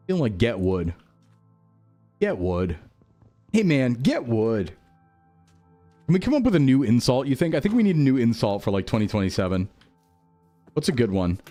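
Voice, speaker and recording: Joking young man with lively pitch. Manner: rambling, jokey, self-mocking. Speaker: streamer. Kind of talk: casual gameplay commentary.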